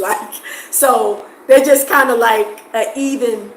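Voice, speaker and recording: An expressive woman from the States, chatting casually to camera. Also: a little high, slow, reverberant, low-quality recording. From United States. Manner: expressive, animated, laughs often. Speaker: vlogger.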